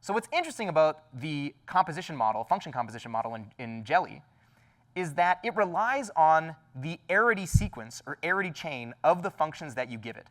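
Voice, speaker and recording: A man's voice: fairly high pitch, very animated, a little fast, a bit bright, recorded from a distance. Man giving a technical conference talk. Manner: enthusiastic, many fillers and restarts. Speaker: conference speaker. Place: conference hall.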